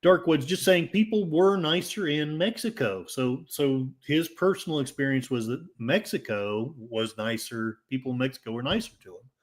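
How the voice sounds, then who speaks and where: A man's voice: mid-range voice, moderate pace, few pauses. A man with an Oklahoma accent hosting a casual livestream, reading chat comments in a rambling, jokey and self-mocking way. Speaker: livestream host.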